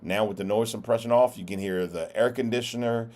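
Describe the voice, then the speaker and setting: A man's voice: on the low side, fairly quick, darkish tone. A man teaching a live-streamed audio lesson, patient and encouraging, repeating his questions for the chat. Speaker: instructor. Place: indoor room with air conditioning. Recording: raw mic with air conditioner hum.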